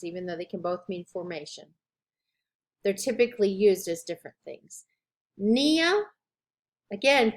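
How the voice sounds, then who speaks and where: Woman lecturer, slow careful delivery, spells out terms one by one, slightly high voice. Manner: slow, deliberate, drawn-out enunciation of terms. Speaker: instructor. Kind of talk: recorded lecture.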